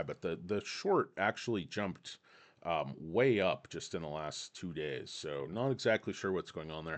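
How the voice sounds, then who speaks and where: Rambling, joking man with a low voice. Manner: rambling, joking, reads articles aloud with asides. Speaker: stock market commentator. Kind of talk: casual video commentary.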